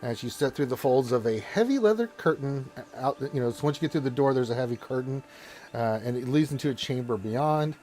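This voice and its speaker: A man's voice: mid-range voice, lively intonation, brisk, dark tone. A man narrating a tabletop game as game master, rambling with restarts.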